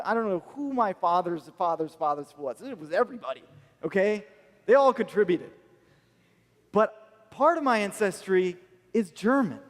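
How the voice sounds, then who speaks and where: A man's voice: high voice, in a large hall. A man preaching a sermon as pastor, telling a personal story in an earnest, emotional way with an American accent. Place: church hall.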